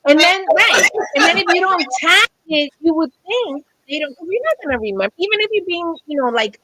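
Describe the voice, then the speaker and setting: A woman's voice: very high voice, animated, a little fast, bright, forceful tone, a little hiss or hum, poor audio. A woman, a paranormal investigator, chatting animatedly and laughing often on a video call panel.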